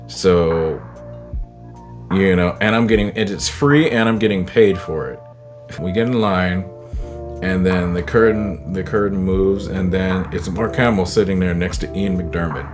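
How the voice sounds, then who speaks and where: A man telling a personal story in a casual, animated way, acting out the people he quotes. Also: low voice, measured pace. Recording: guitar music under the voice. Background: guitar music.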